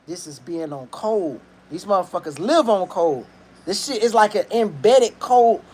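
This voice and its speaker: A man with a high-pitched voice talks his way through a story in loose, rambling commentary. His delivery is slangy and profane, and he cooks in his kitchen as he goes. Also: expressive, measured pace, a little mellow. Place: kitchen, cooking while talking.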